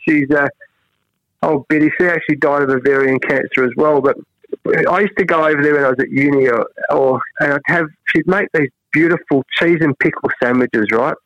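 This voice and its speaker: A man's voice: a little high, brisk, fairly bright tone, no echo. Earnest Australian man, dull dry sound. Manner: earnest, reflective, frequent restarts. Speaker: cricket head coach, guest. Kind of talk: interview conversation.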